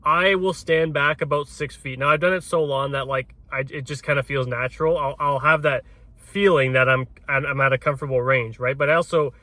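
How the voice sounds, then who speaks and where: A man with a medium-pitched, fairly even voice talks a little fast, sounding pushed and bright in a dry recording. He's a realtor coaching door knocking in casual talk, restarting his words and peppering his points with a tag "right?"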